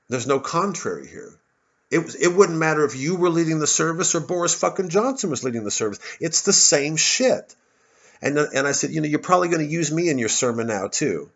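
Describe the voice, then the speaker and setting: A man's voice: medium pitch, fairly bright tone, muffled recording. A man ranting angrily to his phone camera, swearing and stumbling over repeated words. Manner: angry, profane, stammering repetitions. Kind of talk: casual rant. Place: outdoors, smoking a cigarette. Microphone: phone propped on a bottle.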